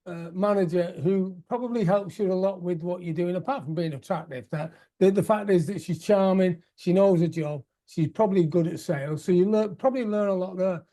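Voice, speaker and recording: A man hosts a casual interview podcast in a notably high voice. He asks chatty, curious questions and drops in short encouraging replies. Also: brisk, hardly any pauses, mellow. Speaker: podcast host.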